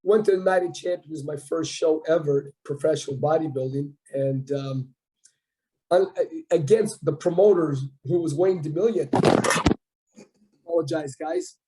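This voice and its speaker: A Canadian man in his fifties, a guest on a casual talk show, telling a story with lively quoted dialogue. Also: a little high, a little slow, rough recording. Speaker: podcast guest, bodybuilder.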